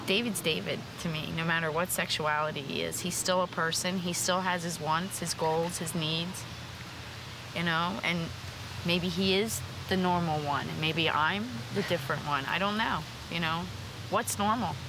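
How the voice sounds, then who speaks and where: A woman's voice: lowish voice, steady tone, normal speed. A middle-aged woman speaking as a mother of a gay teenager, supportive and repeating herself in casual talk. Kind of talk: casual interview chat. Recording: noisy background.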